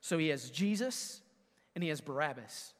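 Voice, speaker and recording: A man pastor preaching a sermon to his congregation, swinging from booming, emphatic lines to hushed ones and speaking straight to the listeners. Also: expressive, moderate pace, long reverb tail. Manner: talks directly to the congregation.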